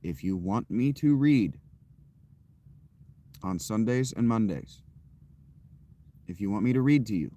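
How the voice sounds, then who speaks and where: Low-voiced man chatting candidly. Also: expressive, measured pace, pauses often, mellow. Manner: candid, rambling and self-deprecating. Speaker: streamer. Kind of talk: casual chat to a live audience.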